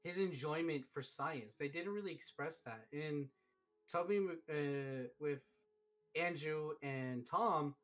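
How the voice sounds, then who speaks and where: A man hosting a live stream, chatting casually and telling stories excitedly, with lots of fillers. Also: fairly high pitch, slow pace, faint music behind. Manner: excitable, animated storytelling with many fillers. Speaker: streamer host. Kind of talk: casual chat.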